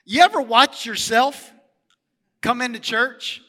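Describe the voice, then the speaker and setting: A middle-aged male pastor preaching a sermon in a church, animated and asking the congregation questions. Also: extremely high pitch, slow pace, in a large hall.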